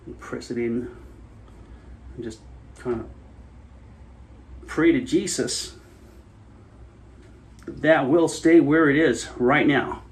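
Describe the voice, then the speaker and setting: A man talking casually to his camera as a vlogger, rambling from thought to thought in a middle-pitched voice. His talk is frank and loose, with a curse word dropped in here and there. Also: takes it slowly, pauses often.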